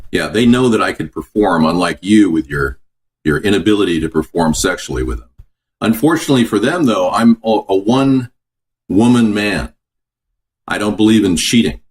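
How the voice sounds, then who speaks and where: Lively, low-voiced man hosting a cooking show. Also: moderate pace. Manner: chatty, answers viewer comments. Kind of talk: casual live-stream cooking chat. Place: home kitchen.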